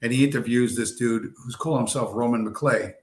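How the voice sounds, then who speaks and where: A man's voice: mid-range voice, brisk. Roomy, rambling man ranting on stream. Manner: rambling, profane storytelling with many fillers. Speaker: live-stream host. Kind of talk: casual live-stream monologue. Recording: roomy echo.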